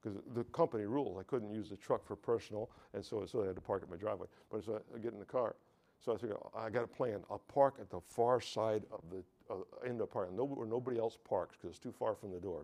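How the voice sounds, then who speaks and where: A man's voice: fairly low pitch, a little mellow. An American man preaching a sermon, telling a personal testimony, often stumbling and repeating words and calling out to the congregation for amens.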